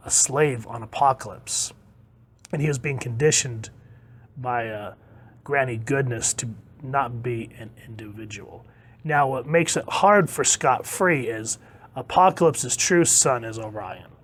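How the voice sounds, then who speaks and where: A man chatting casually and enthusiastically as a comic book reviewer, reading quotes aloud. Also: medium pitch.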